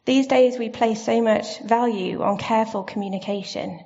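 A woman giving a sermon in a church, gentle and reflective, asking her listeners questions. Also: on the high side, moderate pace. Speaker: preacher. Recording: slightly dull lo-fi sound.

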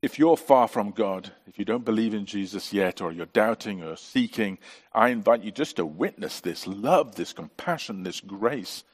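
A man's voice: fairly low pitch, animated, normal speed, breathy edge. A middle-aged man preaching a sermon as pastor, earnest and full of rhetorical questions.

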